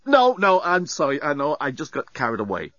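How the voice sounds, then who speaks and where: A man's voice: on the high side, wildly swooping pitch, a little fast, fairly bright tone, dry recording, voice pushed up. A man voicing a flustered, sarcastic man given to histrionics in an audiobook, stammering, on a dry, slightly dull recording. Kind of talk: audiobook character voice.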